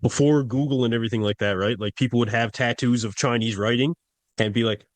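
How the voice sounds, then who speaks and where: A man co-hosts a podcast in a relaxed, joking way and stumbles over his words now and then. The recording is dry, with no room sound. His voice sits at a middle pitch. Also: quick pace, no echo. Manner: laid-back, joking, stammers. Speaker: podcast co-host. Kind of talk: casual podcast chat.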